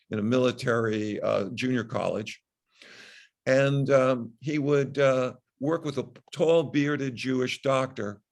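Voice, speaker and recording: An older man with a gravelly, creaky edge to his mid-pitched voice. He speaks as a podcast guest, measured and deliberate, often restarting his sentences as he tells a long story. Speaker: guest, physician. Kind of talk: interview storytelling.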